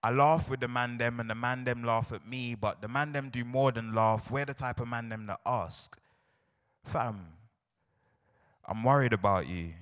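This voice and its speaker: South London poet in a reverberant hall. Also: male voice, mid-range voice, fairly even intonation, moderate pace, few pauses, a bit bright, clean tone. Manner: chatty, playful banter with the crowd. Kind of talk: spoken word poetry performance. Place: large hall on stage with audience. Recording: live hall recording with long reverb.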